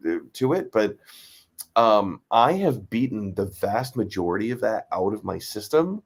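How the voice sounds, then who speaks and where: A man's voice: on the low side, big pitch swings, a little slow, husky. A man from Western Pennsylvania chatting casually, in a rambling, hesitant way full of fillers. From Western Pennsylvania, United States. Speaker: co-host friend. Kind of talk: casual conversation.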